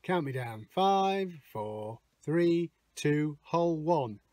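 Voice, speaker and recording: A middle-aged metal detecting vlogger talks casually to his viewers while detecting outdoors, thinking aloud about what he finds. His voice sits a little high, expressive and slow, with a darkish tone on a dry recording.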